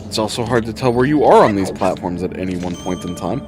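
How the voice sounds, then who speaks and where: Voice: sits low, lively intonation, fast, music in the background. A streamer giving casual running commentary on a game, talking to themself and swearing often as things go wrong. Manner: swears often, talks to self while playing.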